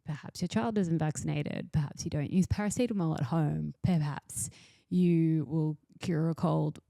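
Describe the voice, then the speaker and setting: A woman hosting a podcast, guiding the conversation in a measured, thoughtful way. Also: deep voice, creaky, dark tone, dry recording. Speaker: podcast host. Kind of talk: casual interview chat.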